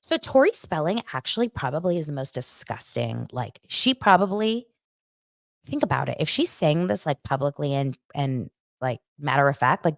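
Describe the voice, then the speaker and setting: A woman's voice: sits low, big pitch swings, normal speed, vocal fry, dry recording, clean studio sound. A young adult woman hosting a casual pop culture chat, telling stories animatedly and acting out quotes, with lots of "like". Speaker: pop culture show host. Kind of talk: casual chat recapping celebrity news.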